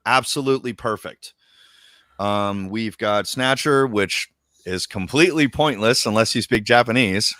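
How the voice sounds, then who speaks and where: Dude with a low voice hyping stuff on a podcast, swears a lot, dry sound. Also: male voice, measured pace, dry recording. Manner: excitable, slangy, swears casually, jumps into high voices for quoted lines. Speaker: podcast co-host. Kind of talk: casual chat.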